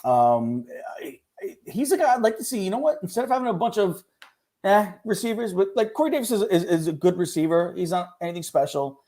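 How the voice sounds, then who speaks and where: A man co-hosting a casual sports talk show, talking quickly and animatedly, often jumping in over the others. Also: high voice, animated, warm tone. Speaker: co-host.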